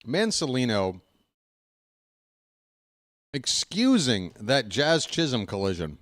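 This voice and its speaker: A man's voice: mid-range voice, very animated, slow pace, a bit bright, no room sound. A man ranting sarcastically and with exasperation as a fan commentator, in casual live baseball talk on a close desk mic.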